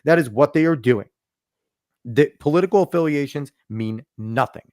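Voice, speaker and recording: A man's voice: fairly high pitch, moderate pace, darkish tone, no echo, clean studio sound. A man hosting a podcast, ranting emphatically and swearing freely in casual political chat. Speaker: podcast host.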